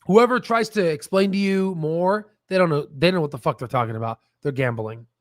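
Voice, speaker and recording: A man hosting a casual stock market livestream, animated and swearing, with stammering restarts. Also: a little high, fairly quick, no room sound, studio quality.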